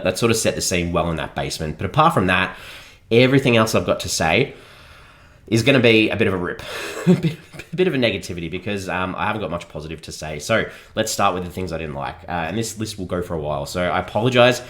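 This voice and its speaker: Man, very low voice, casual podcast film review, laughs a lot, scornful. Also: fairly bright tone. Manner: chuckles often, mocking and critical.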